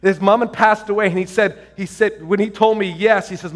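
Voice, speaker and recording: Excitable high-voiced man preaching. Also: brisk, few pauses. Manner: excited, storytelling, many restarts and fillers. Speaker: pastor. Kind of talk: sermon.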